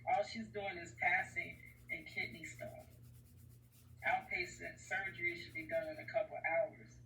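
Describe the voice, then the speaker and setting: A woman's voice: on the low side, steady tone, measured pace, creaky, sharp tone, a little hiss or hum. Earnest woman rambling, roomy and distant. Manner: earnest, rambling, repeats herself. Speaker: vlogger. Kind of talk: personal storytelling vlog. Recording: echoey room, far from the mic.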